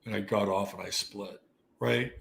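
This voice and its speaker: A man in his sixties, an astrology show host, telling a casual story in an animated, profane, conversational way. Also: lowish voice, normal speed, vocal fry. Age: 60s. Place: Texas.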